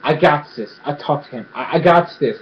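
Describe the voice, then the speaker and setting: A man's voice: on the high side, moderate pace, lo-fi sound, close to an everyday voice. A man voicing a scheming older chieftain who keeps reassuring people and repeats himself.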